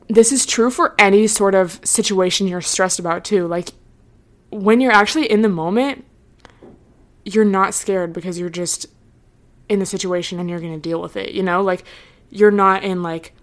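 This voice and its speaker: Chatty young woman podcaster. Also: on the low side. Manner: chatty, full of "like", trailing off; earnest, reassuring. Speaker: podcast host. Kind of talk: casual solo podcast chat.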